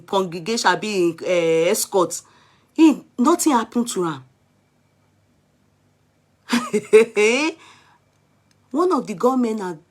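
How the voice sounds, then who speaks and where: A Nigerian woman vlogger chatting live with her viewers, exclamatory and switching between Pidgin and Yoruba. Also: mid-range voice. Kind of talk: live-stream chat with viewers.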